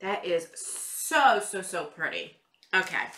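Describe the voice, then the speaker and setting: A woman's voice: lowish voice, animated, slow, pushed and bright, reverberant, slight background noise. A woman chatting through a beauty box unboxing in a casual vlog, a little stuffy from a cold. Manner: chatty, exclaiming over products.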